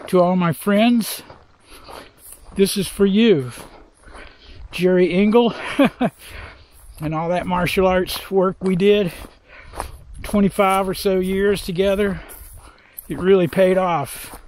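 A man's voice: high-pitched, steady tone, takes it slowly, pauses often, a little mellow, a little hiss or hum. An older man vlogging outdoors on a hiking trail, talking in a heartfelt, rambling way and trying to hold back tears. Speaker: hiker vlogger. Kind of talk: reflective trail vlog.

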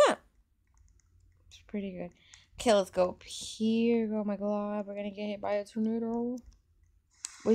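Brief: excitable woman, casual game commentary, phone mic, faint hiss behind. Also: medium pitch, gravelly. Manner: excitable, frequent gasps and exclamations. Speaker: gaming channel host. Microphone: phone microphone while screen recording.

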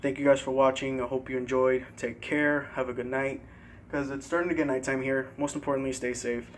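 A young man casually showing his CD collection in a vlog, relaxed and a bit hesitant, pausing over tricky words. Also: medium pitch, slight background noise. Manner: relaxed, hesitant with fillers and careful pronunciation. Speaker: vlogger. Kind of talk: casual CD collection show-and-tell.

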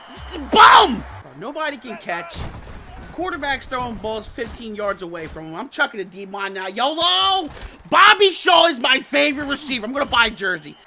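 A man doing casual, slangy commentary over a football video game, muttering low one moment and shouting with excitement the next. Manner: casual slangy trash talk. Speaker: gaming channel host. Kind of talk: live gameplay commentary.

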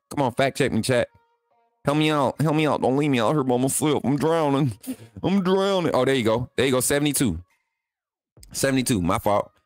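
A man's voice: fairly high pitch, no echo. Man, live-stream host, chatty, repeats himself, dry close sound. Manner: chatty, repeats phrases, talks straight to viewers. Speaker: sports channel host. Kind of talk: live-stream sports talk with chat.

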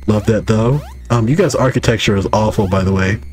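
A man's voice: on the low side, fairly quick, a little mellow, soft background music. A young man giving casual, joking commentary as he plays a game and chats to his viewers. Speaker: gaming YouTuber.

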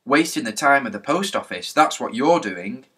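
A man's voice: medium pitch, expressive, normal speed, sharp tone. A man playing a pompous, blustering village policeman. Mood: gruff. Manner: gruff, scolding.

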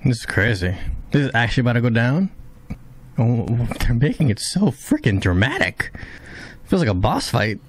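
At normal speed and with faint music behind him, a man reacts to an anime episode in a casual, excitable way. He swears liberally, his voice spiking high in moments of shock.

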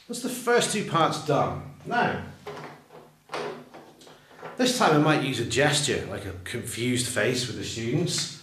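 A man explaining how he teaches English verb tenses, talking slowly and deliberately and drawing out his example phrases. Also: medium pitch, a bit bright, a little hiss or hum. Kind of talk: teacher training walkthrough. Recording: roomy echo, voice far from the mic.

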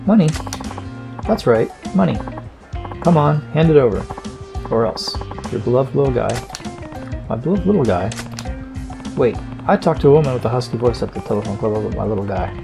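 A man reading a tough brawler's lines from a crime game in a gruff, plain voice, with game music behind. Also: mid-range voice, animated, a little fast, pauses often. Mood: stern.

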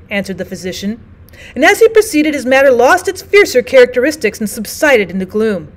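A woman teacher narrating a classic novel aloud for students at a steady, clear pace. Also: on the high side, a little fast.

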